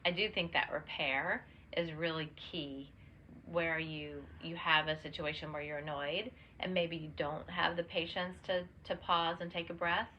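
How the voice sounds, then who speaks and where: A woman's voice: sits low, steady tone, measured pace. A young adult woman co-hosting a podcast in casual chat, with lots of "like"s and restarts. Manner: talks with many "like"s and restarts. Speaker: podcast co-host. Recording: dull lo-fi sound with faint noise.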